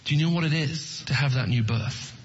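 A man's voice: on the high side, a little fast, slightly rough, lo-fi sound. A man giving an earnest evangelistic talk to an audience, often asking them questions. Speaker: Christian apologetics speaker.

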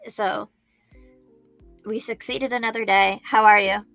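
Chatty woman with a gravelly edge. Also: mid-range voice, steady tone, slow pace, pauses often, sharp tone, soft background music. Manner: chatty, thinks aloud, greets viewers by name. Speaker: true crime livestream host. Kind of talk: live-stream chat, reading news aloud.

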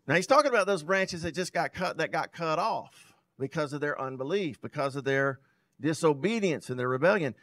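A male pastor preaches in a fairly high voice, reading scripture aloud and then unpacking it for his congregation. His loudness swells and drops for emphasis as he drives his points home. The recording is close and dry, with no room echo. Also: big pitch swings, fairly quick. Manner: loudness rising and falling sharply for emphasis. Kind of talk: sermon.

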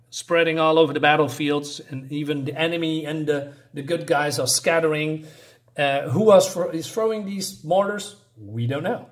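Halting man recapping a comic book. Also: fairly high pitch, a bit bright. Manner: halting, searching for words, frequent restarts. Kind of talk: casual comic review, recapping the story.

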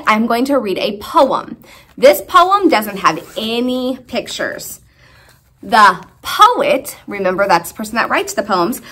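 A woman with a high, bright voice that swoops up and down in sing-song waves. She talks slowly as a preschool teacher reading a poem aloud and quizzing small children. Faint music plays under her.

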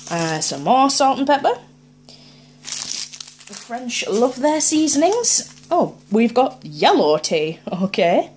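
A woman's voice: a little high, big pitch swings, slow, a little mellow, a little hiss or hum. A woman, chatting casually as she unboxes items on her vlog and thinks aloud in a playful way. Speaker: unboxing vlogger.

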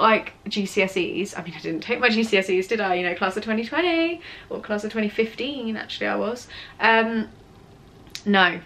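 Young British woman, late teens, casual vlogger answering questions; chatty, self-mocking, mid-pitched voice. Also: fairly bright tone, a little hiss or hum. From England. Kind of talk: casual Q&A chat. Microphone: camera on tripod with ring light.

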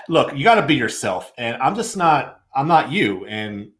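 Upbeat host with lively pitch. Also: male voice, unhurried, noisy background. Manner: upbeat, reads viewer questions aloud, friendly. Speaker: watch channel host. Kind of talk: casual live-stream chat. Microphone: video call.

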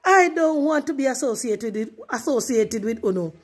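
A woman's voice: fairly high pitch, expressive, moderate pace, husky. Defiant Jamaican woman speaking broad patois. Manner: defiant, mocking, emphatic. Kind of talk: casual ranting.

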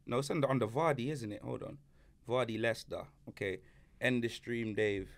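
A young man hosting a casual football chat, teasing and animated, full of slang. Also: medium pitch, brisk. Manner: animated, teasing, shouts and laughs, London slang. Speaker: host.

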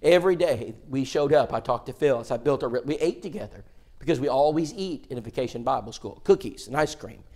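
A male preacher in a church telling a story in a sermon, animated and acting out dialogue, often stammering and restarting his words. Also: mid-range voice, a little fast. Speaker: preacher, guest seminar speaker.

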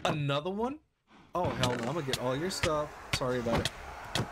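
Game music plays under a very noisy recording as a young male YouTuber rattles through Minecraft commentary at a fast clip. His voice sits mid-range, and he's quick to startle, gasping and exclaiming a lot.

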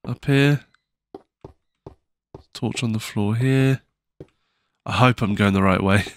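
A man's voice: on the low side, takes it slowly, dry recording. A man giving casual, nervous commentary while playing a video game, with frequent startled exclamations and self-mocking asides. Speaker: gaming channel host.

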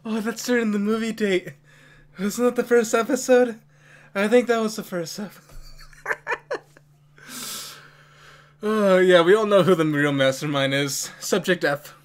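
An excitable anime reaction host in casual commentary, often laughing and talking back to the screen. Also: medium pitch, measured pace, long pauses.

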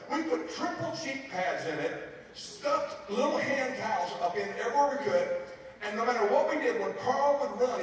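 High-voiced pastor telling a story in an echoey hall. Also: male voice, slight background noise. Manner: animated, humorous storytelling. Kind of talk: storytelling sermon. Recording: echoey hall, mic far off.

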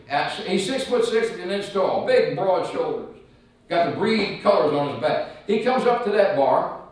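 Male evangelist, folksy animated storyteller, high voice, heard from a distance in a very echoey church. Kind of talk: sermon testimony storytelling. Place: church sanctuary.

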